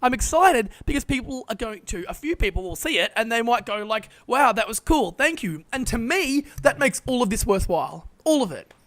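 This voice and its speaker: A man co-hosting a casual podcast from his parents' house over a call, tired but excitable and rambling. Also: extremely high pitch, fairly quick, hardly any pauses. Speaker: podcast co-host.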